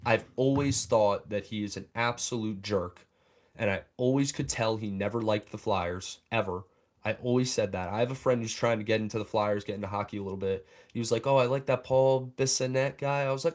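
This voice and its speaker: Young man, fan show host, heated angry rant, mid pitch. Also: moderate pace. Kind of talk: livestream rant.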